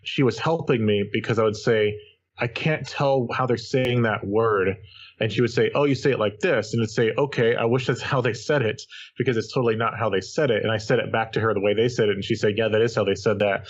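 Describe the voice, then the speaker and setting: A man co-hosting a gaming podcast, explaining things in a measured, careful way. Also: fairly low pitch, steady tone, slightly rough, dull audio. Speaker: podcast co-host. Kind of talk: casual chat.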